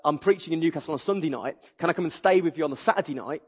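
A man preaching a sermon, exuberant and animated, telling humorous stories to a church audience. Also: a little high, racing, husky. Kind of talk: sermon with storytelling. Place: church auditorium. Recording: dull audio with long hall reverb.

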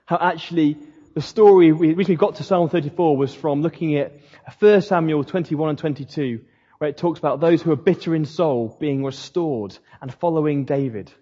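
A man's voice: a little high, normal speed, mellow. A man preaching a sermon in a conversational way, with slips and restarts. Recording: dull lo-fi sound in a reverberant hall.

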